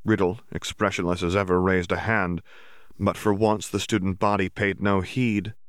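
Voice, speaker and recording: A man narrating a story as an audiobook reader, in even, steady storytelling. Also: deep voice, normal speed, clear, resonant tone, no echo, clean studio sound. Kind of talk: scripted narration.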